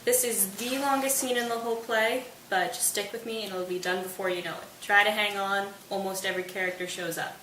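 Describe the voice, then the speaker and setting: A woman's voice: medium pitch, steady tone, brisk, hardly any pauses, fairly bright tone. Chatty woman retelling a play. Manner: chatty, playful asides. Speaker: host. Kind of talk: casual plot explainer. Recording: roomy distant mic with hiss.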